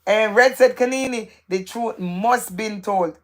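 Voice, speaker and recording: A woman's voice: a little high, unhurried. A woman hosting a live stream, reading viewers' comments aloud in a playful, gossipy way and repeating phrases for emphasis.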